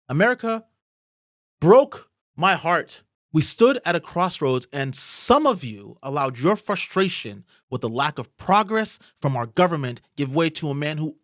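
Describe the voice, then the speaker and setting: A fired-up man hosting a political rant, his fairly high voice leaping up and down as his anger builds. He swears freely and pushes hard on every point. The recording is dry and close, with no room sound. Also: a bit bright, dry recording. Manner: heated, swearing, rising to angry outbursts. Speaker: political commentary host. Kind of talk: impassioned political monologue.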